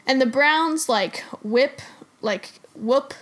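Chatty high-voiced woman. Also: slow, fairly bright tone. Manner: chatty, giggly, interrupts playfully. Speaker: podcast co-host. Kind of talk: casual sports chat.

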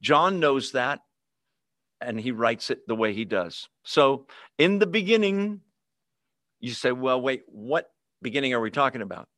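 A man's voice: medium pitch, moderate pace, fairly bright tone, no room sound, clean studio sound. A man leading a Bible study over a video call, talking casually with fillers and humorous asides. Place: online video meeting.

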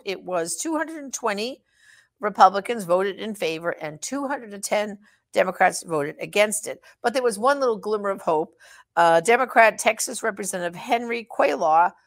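A middle-aged woman speaks straight to her audience in an urgent, exhortative advocacy talk. Her voice carries a gravelly, fry-laden edge. She presses her points hard and leans on fillers and restarts. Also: medium pitch. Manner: emphatic and exhortative, frequent fillers. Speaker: pro-life advocate. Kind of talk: direct address advocacy talk.

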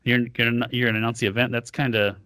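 A man's voice: medium pitch, little pitch movement, quick pace, bright, forceful tone, clean tone, no room sound, clean studio sound. A man co-hosting a casual podcast, rambling frankly and swearing now and then. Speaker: podcast co-host. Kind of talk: casual chat.

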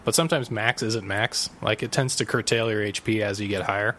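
Hoarse man, sick voice. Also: on the low side, steady tone, fairly quick, fairly bright tone, a little hiss or hum. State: hoarse from a cold. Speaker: podcast co-host. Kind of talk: casual gaming podcast chat.

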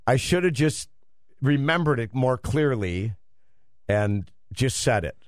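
A man's voice: mid-range voice, animated, takes it slowly, dry recording, studio quality. A man co-hosting a radio show, rambling defensively in casual banter. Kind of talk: casual chat.

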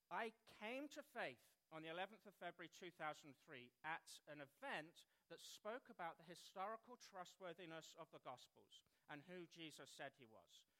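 An English man in his thirties preaches with a high, bright voice. He keeps it lively and pokes fun at himself with quick asides to the room. His tone is light and bright. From England. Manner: lively, self-deprecating, jokey asides. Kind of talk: sermon talk.

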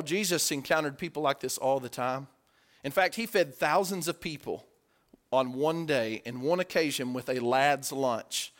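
A man preaching a conversational sermon, asking his listeners questions and acting out quotes, dropping to hushed asides and rising to loud, emphatic peaks. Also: on the high side.

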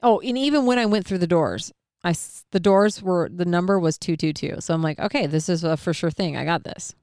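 A middle-aged woman with a smooth, resonant, slightly low voice tells a personal story in a loose, chatty way. She acts out her own inner thoughts with lively swings and swears freely. The sound is dry and close. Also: a little fast, dry recording. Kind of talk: casual storytelling.

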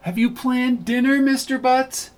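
Man doing a high classy temptress, coolly teasing, audiobook. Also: unhurried.

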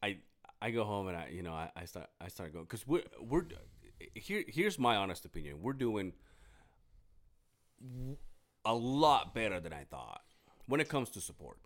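A man's voice: on the low side, sing-song, normal speed, long pauses. A young man co-hosting a podcast, chatting casually in long rambling stories, swearing often and acting out his friends' lines. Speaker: podcast co-host. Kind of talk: casual chat.

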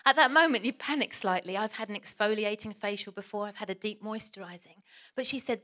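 A woman's voice: mid-range voice, a little fast, bright, forceful tone. Chatty woman preaching. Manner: chatty, self-deprecating storytelling. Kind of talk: sermon with personal story.

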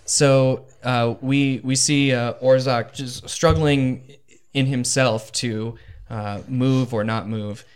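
A man narrates a tabletop game as game master at an unhurried, deliberate pace. He pauses often on ums and restarts while he pictures the scene. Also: mid-range voice, fairly even intonation, clean tone. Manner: slow and hesitant, full of ums.

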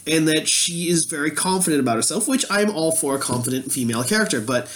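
A man's voice: on the high side, animated, fast talker, a bit bright, a little hiss or hum. A man in casual chat, blunt and opinionated, who swears freely.

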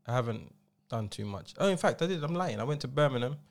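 This podcast co-host and DJ talks fast at a medium pitch, a Londoner in his forties from England. He tells lively stories in relaxed conversation, voicing the quotes in slang.

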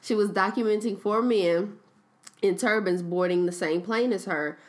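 A woman's voice: mid-range voice, normal speed. Young woman, podcast co-host, chatty storyteller who acts out quotes. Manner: animated storytelling, retells quotes, laughs at her own stumbles. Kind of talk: casual chat.

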